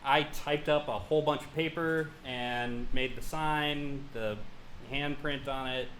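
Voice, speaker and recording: A man's voice: mid-range voice, fairly even intonation, unhurried, a bit bright, slight background noise. A man filmmaker answering Q&A questions in a loose, rambling way. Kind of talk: casual Q&A. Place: live screening venue.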